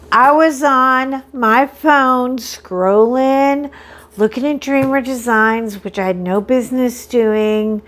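A middle-aged woman with a fairly high voice chats through an unboxing for her crafting channel. She talks at an unhurried pace, gets excited easily and keeps joking about herself. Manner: chatty, excitable, self-deprecating. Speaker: crafting vlog host. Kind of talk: casual chat while unboxing.

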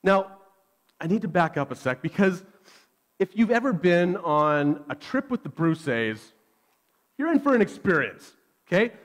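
A man, preaching a sermon and telling a self-deprecating personal story with animated energy. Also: sits high, measured pace, pauses often. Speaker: pastor.

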